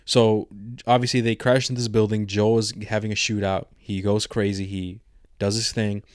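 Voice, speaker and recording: A man's voice: on the low side, little pitch movement, normal speed, smooth, dry recording, clean studio sound. Slangy man chatting on a podcast. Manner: slangy, rambling, retells scenes with quoted lines. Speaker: podcast co-host. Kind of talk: casual chat.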